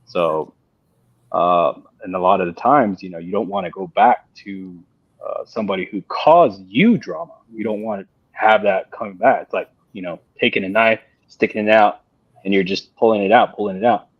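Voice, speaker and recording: A man talking on a panel in a casual discussion, halting and repeating himself with many fillers. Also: on the low side, expressive, no echo. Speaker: panel guest. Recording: dull dry lo-fi sound.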